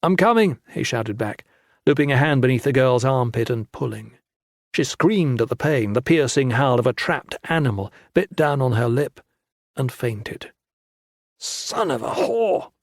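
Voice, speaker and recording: A man narrating a fantasy audiobook with steady, dramatic storytelling on a close studio mic. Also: medium pitch, normal speed, no room sound.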